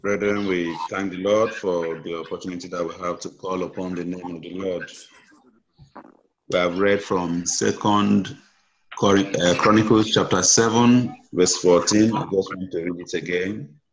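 A man preaching a sermon, reading scripture in a measured, drawn-out way. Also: low-pitched, steady tone, highs cut off, a little hiss or hum. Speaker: apostle preaching.

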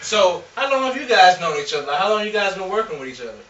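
A man's voice: sits high, big pitch swings, quick pace, fairly bright tone, lo-fi sound, slight background noise. A man from Washington, D.C., hosting a casual interview and cheering his guests on with short yeahs. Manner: affirming with short backchannels. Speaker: host. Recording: roomy echo, distant mic.

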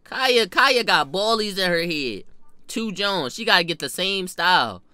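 A young man telling a funny personal story in a storytime vlog, animated and profane with sudden jumps in pitch and loudness. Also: measured pace, clean tone, dry recording. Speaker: vlogger.

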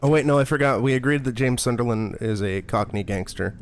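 A man's voice: mid-range voice, fairly even intonation, moderate pace, pauses often, slight background noise. A man giving casual gameplay commentary as a streamer, joking, swearing and muttering to himself. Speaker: game streamer.

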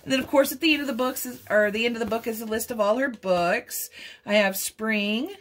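A woman's voice: on the high side, a little fast. A middle-aged woman hosting a craft vlog, cooing and giggling as she unboxes gifts. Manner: gushing, coos and giggles. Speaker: craft channel host.

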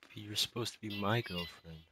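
A distraught young male student delivers an emotional spoken monologue, rambling and halting, full of sighs and fillers. His voice is lowish, against a noisy background.

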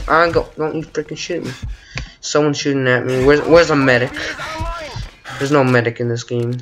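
A man's voice: on the high side, a little hiss or hum. A young man giving casual gameplay commentary, muttering and cursing at the game as he plays. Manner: excitable, mutters and curses at the game. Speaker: gaming channel host. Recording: faint gunfire game audio behind.

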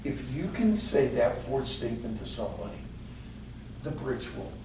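A man's voice: mid-range voice, moderate pace. Guy teaching a ministry class, voice jumps all over, sounds far off in a really echoey room, bit of hiss. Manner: animated, emphatic, talks directly to students. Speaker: ministry lecturer. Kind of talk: classroom lecture.

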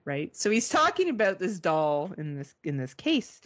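A woman co-hosting a podcast, telling a story in casual chat, animated and swearing, mimicking beeps. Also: fairly low pitch, normal speed, few pauses. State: arm in a sling. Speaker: podcast co-host.

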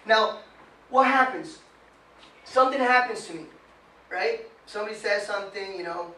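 Male motivational speaker with a high voice, addressing a live group and quizzing them, recorded far off in an echoey room. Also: moderate pace. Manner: animated, quizzes the audience, mimics whiny voices. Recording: roomy sound from far off with faint noise.

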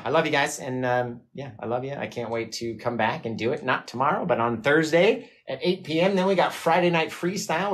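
A man hosts a live painting stream and tells a rambling, self-mocking story to his viewers. He laughs often, and his voice sits at an ordinary middle pitch for a man. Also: a bit bright. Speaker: livestream painting host. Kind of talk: casual chat with live viewers.

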